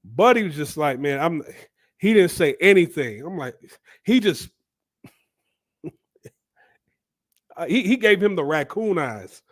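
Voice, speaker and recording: A man's voice: high-pitched, sing-song, unhurried, pauses often. A man, telling a story in a loose, chatty way, full of fillers and restarts. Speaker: vlogger. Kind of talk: casual storytelling.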